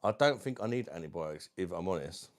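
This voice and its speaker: With lively intonation and a quick pace, a low-voiced man from South East London chats casually on a livestream from home. He has a London accent, reads out viewer comments, and calls everyone mate.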